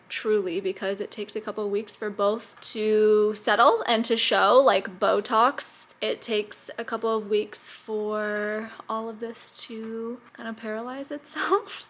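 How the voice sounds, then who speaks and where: Sitting indoors at home, a lifestyle vlogger in her thirties chats openly to the camera, peppering her casual talk with "like." Her voice is medium in pitch and a bit bright.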